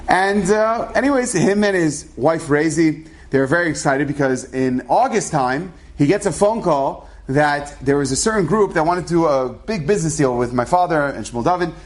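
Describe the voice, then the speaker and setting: A man telling a true story in a casual, conversational way, acting out the dialogue of the people in it. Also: a little high. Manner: conversational, acts out quoted dialogue.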